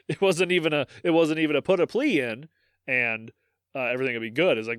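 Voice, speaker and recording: A man's voice: mid-range voice, moderate pace, pauses often, a bit bright, dry recording, clean studio sound. A man co-hosting a podcast, reading history aloud and breaking off into profane, joking asides. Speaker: podcast co-host.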